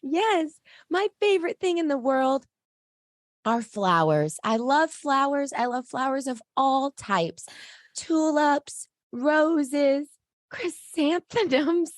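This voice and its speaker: A woman's voice: high-pitched, lively intonation, slow pace, no echo, studio quality, pitched above the performer's own voice. A woman voicing Gruntled, a cheerful new dwarf, in an upbeat put-on happy voice.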